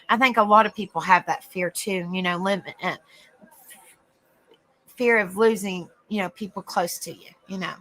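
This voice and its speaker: Woman, Southern US accent, middle-aged, folksy, laughs a lot, livestream host, casual chat, bright voice. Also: mid-range voice, fairly even intonation, normal speed. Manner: laughs often, folksy and chatty.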